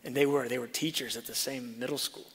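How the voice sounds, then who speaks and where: A man preaching a sermon, telling a personal story and swinging between soft asides and loud emphasis. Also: medium pitch, steady tone, fast talker, a little hiss or hum. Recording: reverberant hall.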